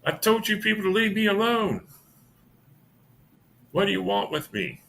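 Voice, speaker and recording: A man's voice: sits high, sing-song, moderate pace, creaky, a bit bright, pitched above the performer's own voice, full character voice. A man voicing a cranky, suspicious old woman biker who snaps back defensively. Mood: irritated. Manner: snappish, defensive.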